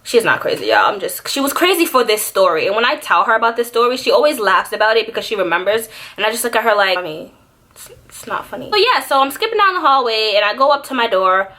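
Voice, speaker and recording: A young woman telling a childhood story in a casual vlog, animated and dramatic, with many fillers. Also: a little high, fast, few pauses. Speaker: beauty YouTuber.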